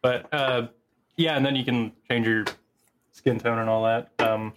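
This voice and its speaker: A man's voice: medium pitch, fairly even intonation, measured pace, noisy background. A man co-hosting a gaming podcast over an online call, talking bluntly and crudely and rambling with lots of fillers. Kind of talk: casual chat.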